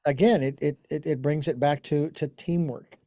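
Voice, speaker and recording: A man with a notably high speaking voice hosts a casual interview. He tells long, wandering anecdotes full of fillers and false starts. The sound is close and dry. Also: steady tone, normal speed, warm tone, dry recording. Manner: rambling storyteller with many restarts and fillers. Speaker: podcast host.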